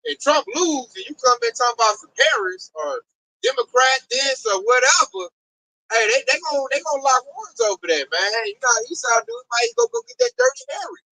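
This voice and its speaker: A man talks in a casual group discussion, swinging his high voice up and down as he tells stories and swears freely. His tone is bright and sharp, and the sound is dry and close. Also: fairly quick, no echo, low-quality recording. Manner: animated, profane storytelling.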